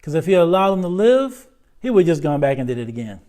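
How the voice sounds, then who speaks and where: Conversational male religious teacher, fairly high. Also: very animated, fast talker, warm tone. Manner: conversational, asks the class questions and tags lines with "right?". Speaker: Islamic teacher. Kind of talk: religious lesson to a class. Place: lecture room.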